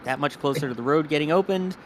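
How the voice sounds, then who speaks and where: A man with a softened North Jersey accent co-hosting a livestream, commenting on a test in quick, joking banter. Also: on the high side, noisy background. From New York, New Jersey border. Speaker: livestream co-host. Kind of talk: casual live commentary.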